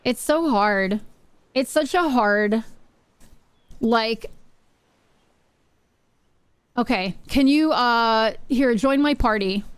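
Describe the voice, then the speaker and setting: A woman's voice: fairly high pitch, takes it slowly, clean tone, dry recording. A woman live-streaming from her home setup, chatting casually with her viewers in a rambling way and often repeating her phrases. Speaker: Twitch streamer.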